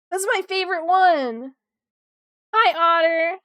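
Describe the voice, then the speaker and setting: A chatty young woman streamer with a smooth, crisp voice, sitting a little high in pitch. She talks to her chat casually and excitably, tossing in swears. The sound is dry and close, with no room in it. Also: unhurried, no room sound. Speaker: art streamer.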